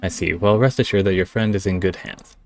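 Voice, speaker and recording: A man puts on a fussy French doctor from a mystery game, clipped and businesslike. His voice is lowish, with faint game music in the background. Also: steady tone, brisk. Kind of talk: reading game dialogue aloud.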